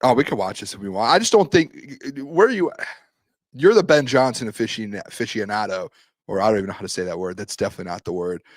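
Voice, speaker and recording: Animated man in dry sports chat. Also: lowish voice, no echo. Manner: animated, quick to jump in, rambling asides. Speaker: sports podcast co-host.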